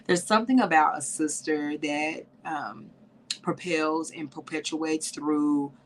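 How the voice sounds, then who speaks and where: A podcast host speaks during a livestream to her women listeners, heartfelt and in tears, sniffling as she goes and saying "y'all" a lot. Her voice is low, slow and fairly even in intonation.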